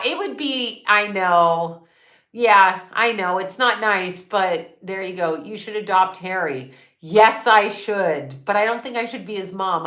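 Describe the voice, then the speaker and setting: A woman's voice: medium pitch, a bit bright, echoey room. A woman in her sixties hosting a casual livestream, reading viewer comments and chatting candidly, swearing freely and laughing often. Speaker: psychic and astrologer livestream host.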